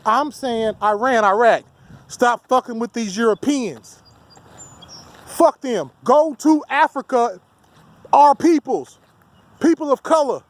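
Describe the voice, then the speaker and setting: A man's voice: extremely high pitch, lively intonation, takes it slowly, pauses often. A man delivering a heated, profane, rambling rant as a solo vlogger. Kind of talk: ranting monologue to camera.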